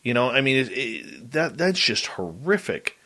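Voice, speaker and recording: A male radio host chats casually with his guest. His voice has a middle pitch but a bright, forceful edge. His reactions are blunt and emphatic. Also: very animated, unhurried.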